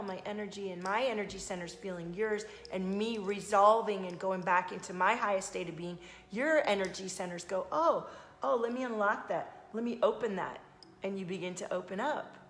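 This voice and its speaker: A woman spiritual coach hosting a live stream, talking casually to viewers and greeting them by name in a soft, soothing way. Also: fairly low pitch, vocal fry, reverberant. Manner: chatty, addresses viewers by name.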